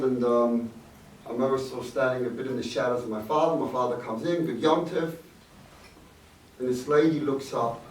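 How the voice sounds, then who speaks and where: A middle-aged rabbi speaks at an event, telling a reflective personal story in a mid-pitched voice and dropping Yiddish words along the way. He sounds set back from the mic in an echoey hall, with faint noise underneath. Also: distant mic. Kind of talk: storytelling speech to an audience.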